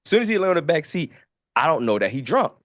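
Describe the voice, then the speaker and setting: A man from Baltimore, a podcast co-host, telling stories in a profane, animated casual way. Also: a little high, quick pace, no room sound, muffled recording. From Baltimore, USA. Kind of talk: casual storytelling.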